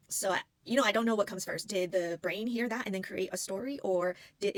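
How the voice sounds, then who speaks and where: In a lowish voice, a woman who works in spiritual healing casually recounts a personal story to camera, earnest and meandering, often groping for words. There's no room sound, and the recording quality is low.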